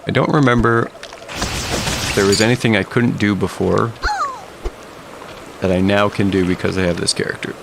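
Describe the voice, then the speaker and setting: A man's voice: on the low side, steady tone, moderate pace, gravelly, pauses often, background noise. A man streaming a video game, rambling casually and chatting with his viewers as he plays. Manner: rambling, chatty, talks to viewers while playing. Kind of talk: casual gaming commentary. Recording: game music under the voice. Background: video game music.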